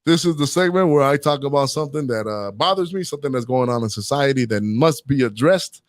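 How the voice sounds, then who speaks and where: A man's voice: mid-range voice, expressive, fairly quick, noisy background. Rambling opinionated male talk-show host. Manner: rambling, opinionated, tags lines with "right?" and "man".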